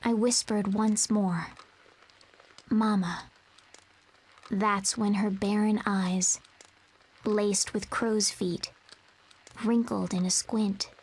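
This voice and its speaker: A woman voicing a lonely young girl who narrates her past in a soft, brooding whispered role-play for a video game. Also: medium pitch, steady tone, very slow, pauses often, heavily acted, poor audio. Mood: hushed, somber. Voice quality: breathy, often whispered.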